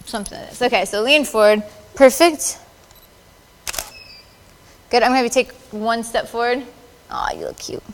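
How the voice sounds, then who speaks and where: A woman's voice: a little high, normal speed, long pauses, big-room sound, a little hiss or hum. Upbeat woman directing a photo shoot. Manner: upbeat, playful directions to models. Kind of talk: live photo shoot coaching. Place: large studio with audience.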